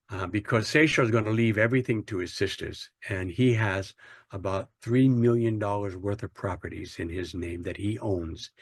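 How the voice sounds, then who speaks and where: Middle-aged guy telling his story, earnest and plain, lowish voice, dry close sound. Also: no echo. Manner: earnest, plain-spoken, frequent restarts and fillers. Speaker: guest, church planter. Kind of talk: personal storytelling in an interview.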